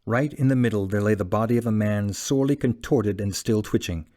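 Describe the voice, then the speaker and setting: A man narrating a classic novel as an audiobook in a measured, dramatic reading. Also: on the low side, warm tone.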